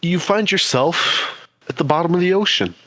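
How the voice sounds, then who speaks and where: A man narrating a tabletop game as game master in slow, descriptive speech over a voice call. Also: on the high side, animated, pushed and bright. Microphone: voice call microphone.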